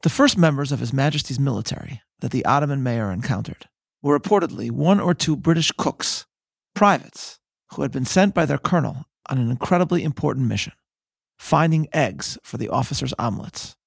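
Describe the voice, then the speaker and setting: A man hosting a podcast, telling history in measured, scripted narration that slows for emphasis. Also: medium pitch, lively intonation, creaky, slightly rough, no room sound, clean studio sound. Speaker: podcast host.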